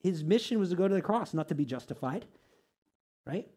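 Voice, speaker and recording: Male pastor, conversational teaching style, frequent "right?" asides, slightly higher voice. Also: lively intonation, brisk, slightly rough. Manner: conversational, asks many rhetorical questions; reads scripture aloud, shifts pitch and loudness often. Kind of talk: teaching to a small group.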